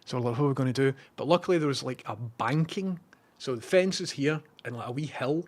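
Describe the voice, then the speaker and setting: A man's voice: medium pitch, animated, a little fast. A man with a Scottish accent, a live streamer telling a rambling story and reading out viewer messages.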